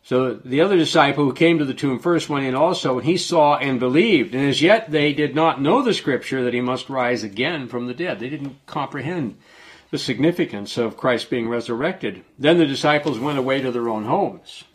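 A man's voice: mid-range voice, lively intonation, moderate pace. Man explaining scripture in a sermon. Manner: reads scripture aloud, then explains it in a conversational way; unscripted, with restarts and self-corrections. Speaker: preacher. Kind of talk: sermon, Bible study.

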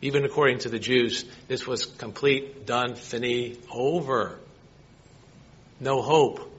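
A man's voice: mid-range voice, slow, slightly rough, dull audio. A man preaching a sermon, reading scripture and asking his listeners rhetorical questions. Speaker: pastor.

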